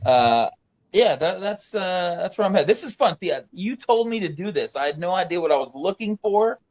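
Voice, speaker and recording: A man's voice: sits high, lively intonation, normal speed. A man co-hosting a casual movie podcast, enthusiastic and slangy, calling people dude and bro and reaching for sports metaphors. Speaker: podcast co-host.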